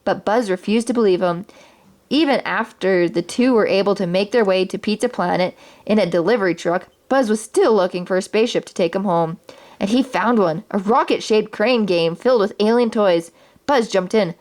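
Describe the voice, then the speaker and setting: A woman reading a children's storybook aloud in a clear, steady storytelling way. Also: medium pitch, normal speed.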